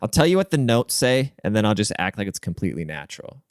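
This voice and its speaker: A man's voice: lowish voice, big pitch swings, fast, clean tone, no echo, studio quality. A man hosting his own podcast, rambling through a crude, profane solo rant with jokey asides. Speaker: podcast host.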